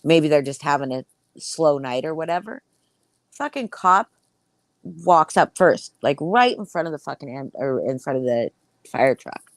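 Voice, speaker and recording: A woman with a low voice recounts a story in loose, casual chat. She swears constantly and talks with lively, animated energy. The sound is dry and close. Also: measured pace, no room sound. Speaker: podcast host.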